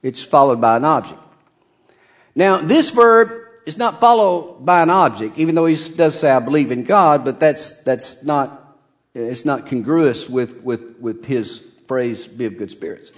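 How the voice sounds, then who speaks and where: A man preaches to his congregation at an unhurried pace. His voice sits a little high and swings widely, lifting sharply for emphasis. He breaks into short chuckles as he tells the story. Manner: lively and animated, with bursts of emphasis and chuckles. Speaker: pastor. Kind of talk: sermon.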